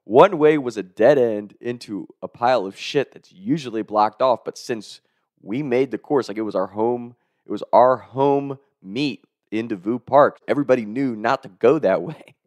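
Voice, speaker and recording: Brief: man with a middle-pitched voice recounting an anecdote, laid-back, profane, chuckling. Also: moderate pace, no room sound. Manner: chuckles through the telling, profane, animated. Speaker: storyteller. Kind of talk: casual comedic storytelling.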